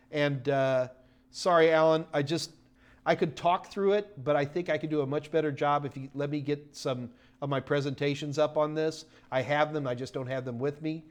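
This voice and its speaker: Middle-aged male host, slightly high-pitched, loose and rambling live Q&A patter with excited spikes. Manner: rambling and chatty, full of fillers and restarts, bursts of excited enthusiasm. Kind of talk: casual live-stream Q&A chat.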